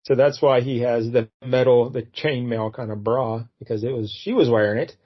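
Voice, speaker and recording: A man chats through a comic book page by page in a relaxed, rambling way, now and then putting on the characters' lines. His voice sits at a middle pitch. The recording is slightly dull and lo-fi. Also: normal speed. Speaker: podcast co-host. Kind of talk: casual comic book review chat. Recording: dull lo-fi podcast audio.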